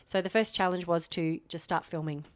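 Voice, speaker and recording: A woman's voice: fairly low pitch, steady tone, normal speed, no echo. A woman in her fifties talking casually to camera, chatty and self-deprecating, rambling with restarts. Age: 50s. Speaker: vlogger.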